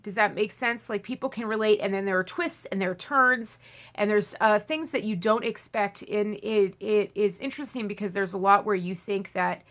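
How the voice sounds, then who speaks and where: A woman chatting casually to camera as a movie vlogger, rambling with lots of fillers and restarts, and bursting into excited squeals. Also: mid-range voice, normal speed.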